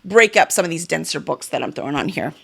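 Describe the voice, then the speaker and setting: A woman's voice: low-pitched, lively intonation, fast talker, gravelly, fairly bright tone, breathy edge. A woman vlogging about the books she plans to read, chatty and enthusiastic, with fillers and small self-corrections. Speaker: book vlogger and publisher. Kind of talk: casual reading-goals vlog.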